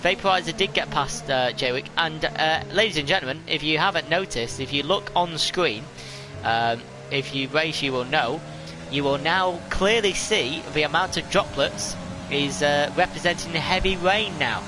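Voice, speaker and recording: A man's voice: a little high, normal speed, music in the background. A man giving live, chatty commentary on a sim race, rambling and laughing at himself.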